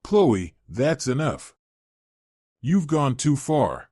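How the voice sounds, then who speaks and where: A man's voice: medium pitch, sing-song, drawn-out words, dark tone, dry recording, clean studio sound, heavily acted. A man doing a flustered, pleading husband. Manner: pleading, stammering.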